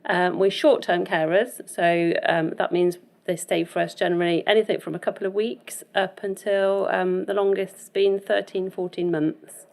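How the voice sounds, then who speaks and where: A foster carer, a woman in her thirties or forties, explains things in a measured way. Her voice is low with plenty of vocal fry. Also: fairly even intonation, darkish tone. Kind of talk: interview answers.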